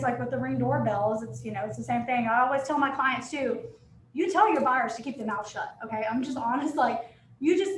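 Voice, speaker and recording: Chatty high-voiced woman, echoey room. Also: a little hiss or hum. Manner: chatty, candid, quotes people in lively asides. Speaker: real estate agent. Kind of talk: casual panel talk.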